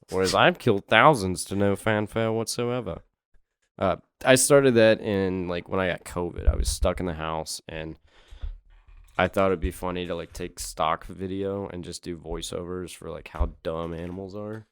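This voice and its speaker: A man with a very low voice tells stories with a deadpan, joking edge. His podcast mic sounds dry and close, with no room around it. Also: normal speed, smooth, dry recording. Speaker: comedian guest, teacher. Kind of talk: casual comedic chat.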